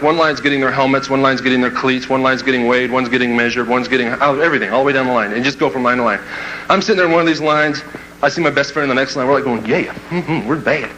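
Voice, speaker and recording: In a rough recording with slight background noise, a man with a mid-range voice rattles off a funny story about himself to an audience. As a motivational speaker, he's full of energy, voicing each character and chuckling at his own story.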